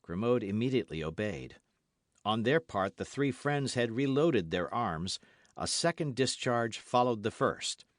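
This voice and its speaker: Expressive male audiobook narrator. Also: medium pitch, no echo, studio quality. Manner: expressive, measured storytelling. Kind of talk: scripted narration.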